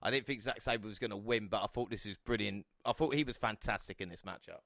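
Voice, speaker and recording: A man hosting a podcast, lively and chatty, running through the matches in casual talk. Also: fairly low pitch, fast, vocal fry, no room sound, studio quality. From England. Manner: lively, chatty, laughs easily. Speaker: podcast host. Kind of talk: casual chat.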